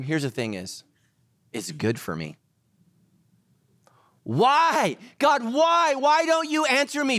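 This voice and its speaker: A middle-aged man delivers a sermon with a very lively, swooping voice, full of jokes and quick acted-out bits. The sound is dry and close, with no room around it. He sounds like a pastor who knows his congregation well. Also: mid-range voice, dry recording.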